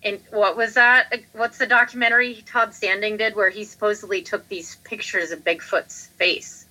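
Playful woman co-host with a bright, forceful tone, quick with jokey asides. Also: medium pitch, steady tone, poor audio. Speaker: podcast co-host. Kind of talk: casual podcast chat.

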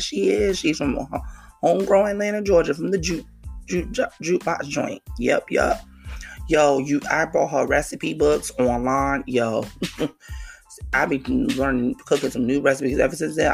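Croaky, hyped New podcast host. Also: mid-range voice. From New York City. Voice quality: croaky, frog-like voice. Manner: hyped, slangy, rapid shout-outs. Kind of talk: casual podcast monologue.

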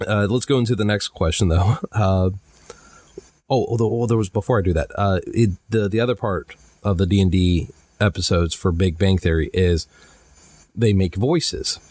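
A man's voice: low-pitched, moderate pace, a little mellow, dry recording, clean studio sound. A man co-hosting a casual podcast chat, laughing and teasing his co-host.

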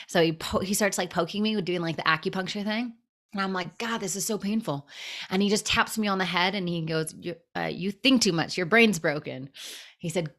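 A woman in her thirties, a podcast guest telling stories in a lively, casual way and acting out what people said. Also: lowish voice. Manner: animated storyteller, acts out quotes. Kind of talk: casual storytelling interview.

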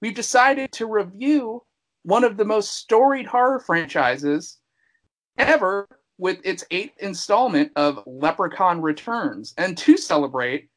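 A man's voice: sits high, animated, measured pace, a bit bright, poor audio. A man hosting a casual horror-movie podcast, talking in a playful, showman-like way that rambles and restarts. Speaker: podcast host. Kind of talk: casual podcast chat about a horror film.

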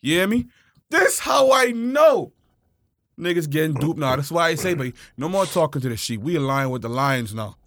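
A man co-hosting a podcast in casual chat, loud and joking with frequent laughter. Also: on the high side, fast talker, few pauses, no room sound, studio quality. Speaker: podcast co-host.

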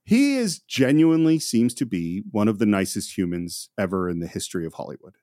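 Male film podcast host, lively pitch, dry close sound, chuckles through trivia. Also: brisk, no room sound. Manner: chuckling, eager trivia-sharing. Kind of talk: casual film podcast chat.

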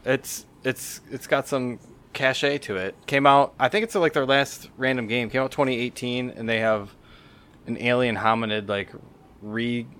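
A man's voice: medium pitch, steady tone, moderate pace, fairly bright tone, clear, resonant tone. A man co-hosting a podcast, chatting casually about a game he found and rambling a little with fillers and self-corrections. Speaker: podcast co-host. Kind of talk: casual chat.

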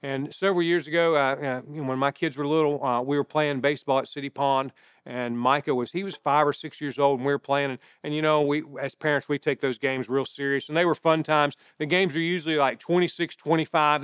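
A middle-aged pastor preaching a sermon in a conversational way, mixing scripture with personal stories. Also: male voice, fairly high pitch, fairly bright tone, clear, resonant tone, dry recording.

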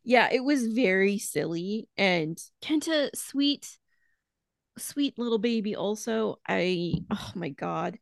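A woman co-hosting a podcast in casual chat, excitable and gushing, swearing freely. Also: medium pitch, takes it slowly, creaky, dry recording, studio quality. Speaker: podcast co-host.

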